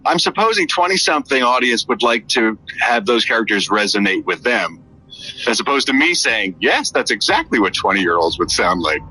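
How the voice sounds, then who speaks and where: A man's voice: medium pitch, very animated, moderate pace, sharp tone, slightly rough, poor audio. A man co-hosting a podcast in casual chat, throwing in dry teasing quips. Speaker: podcast co-host.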